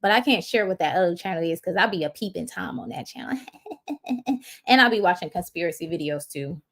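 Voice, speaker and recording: A woman's voice: fairly low pitch, expressive, brisk, a bit bright. Chatty woman livestreaming to viewers. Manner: chatty, slangy, lots of fillers. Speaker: YouTuber hosting a livestream. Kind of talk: casual livestream chat.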